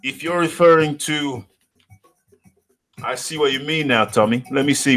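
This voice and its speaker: A man's voice: medium pitch, moderate pace, long pauses, fairly bright tone. A man from the UK hosting a live show, reading out the chat in a playful, repetitive way and chuckling often. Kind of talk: casual live-stream chat.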